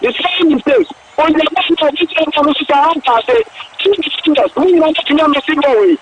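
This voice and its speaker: A man with a Ghanaian accent giving excitable live football commentary on the radio, repeating exclamations and switching between languages. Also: very high-pitched, normal speed, heavy background noise. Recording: dull lo-fi radio broadcast.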